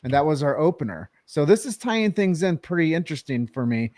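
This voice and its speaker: A man's voice: fairly high pitch, big pitch swings, a little fast, darkish tone, no echo, clean studio sound. A man co-hosting a podcast, talking earnestly in a casual, rambling way and asking a guest a question. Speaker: podcast co-host.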